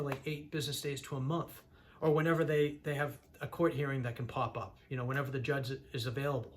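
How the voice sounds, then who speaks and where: A man's voice: on the high side, a bit bright. A man telling a personal story to his viewers in a candid, earnest way, often restarting his sentences. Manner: earnest, frequent restarts, rising to heated when recounting anger. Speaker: vlogger sharing his mental health story.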